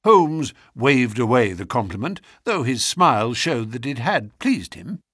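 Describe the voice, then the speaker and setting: A man narrating a story in a measured, expressive reading voice on a close mic. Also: medium pitch, husky, no room sound.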